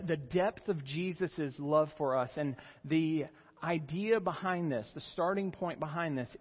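Earnest preacher guy, kinda husky, slow delivery, echoey church hall. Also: lo-fi sound. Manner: earnest, rises in pitch and volume for emphasis. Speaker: pastor. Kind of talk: sermon. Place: church sanctuary.

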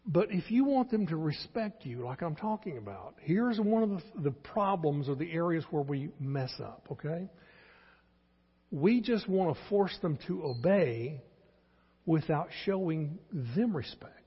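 A man's voice: a little high, lively intonation, unhurried, breathy edge. A man in his sixties with a Texan accent, preaching a sermon as pastor in an earnest, pleading way and repeating his key points. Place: church sanctuary. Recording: dull lo-fi church sermon with long reverb.

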